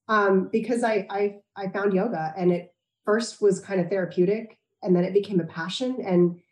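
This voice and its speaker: A woman, probably in her thirties, speaking as an interview guest and telling a personal story in a reflective, candid way with halting restarts. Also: mid-range voice, mellow, reverberant.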